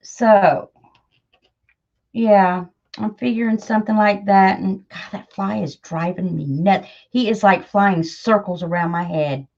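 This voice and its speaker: A woman's voice: medium pitch, unhurried, a little mellow, lo-fi sound. A woman chatting casually and self-deprecatingly to her viewers while she crafts, with lots of fillers. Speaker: crafting channel host.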